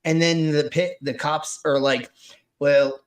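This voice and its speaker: A man's voice: on the high side, a little slow. A man hosting a casual live stream, rambling and swearing as he tells stories. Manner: profane, rambling, animated storytelling. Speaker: host.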